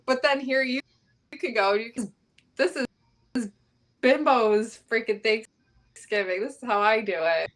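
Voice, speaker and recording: A woman chatting as a guest on a live stream, excited and filling her talk with "like". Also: a little high, a little slow, long pauses. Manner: excited, fills speech with "like". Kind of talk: casual chat.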